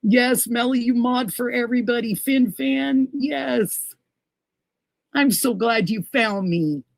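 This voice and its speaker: Slow gravelly woman chatting on stream. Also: a little high, dry recording, rough recording. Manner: gushing, emotional, thanks viewers by name. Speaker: livestream host. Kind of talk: casual livestream chat reading viewer comments.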